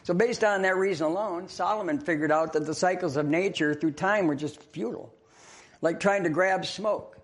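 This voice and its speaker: A man preaching in a church in a loose, conversational way. He laughs along with the congregation and tells a joke story. His voice sits a little high. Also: moderate pace. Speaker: pastor.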